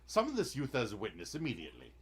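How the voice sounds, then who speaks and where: Lively man reading game dialogue. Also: lowish voice, fast talker, a little hiss or hum. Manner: dramatic read-aloud, breaks into goofy impressions. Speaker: let's-play co-host. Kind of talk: reading game dialogue aloud with joking asides. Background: game music.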